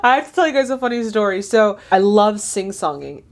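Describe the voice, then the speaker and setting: A woman's voice: medium pitch, expressive, brisk, noisy background. A young woman hosting a casual movie reaction, chatty and gushing, often laughing.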